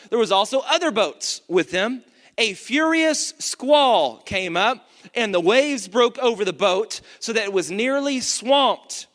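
A male pastor giving an energetic sermon, reading scripture and calling out to the congregation. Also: high voice. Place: church. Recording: long church reverb.

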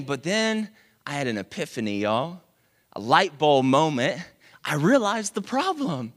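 Animated preacher in a big reverberant hall. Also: male voice, on the high side, measured pace. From Dallas, Texas. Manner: animated, self-mocking, confiding asides to the audience. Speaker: pastor. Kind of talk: storytelling sermon.

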